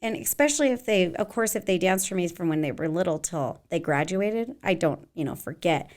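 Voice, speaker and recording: A woman's voice: lowish voice, lively intonation, fairly quick. Chatty woman dance teacher in her forties. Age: 40s. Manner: chatty, rambling, many fillers. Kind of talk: casual interview chat.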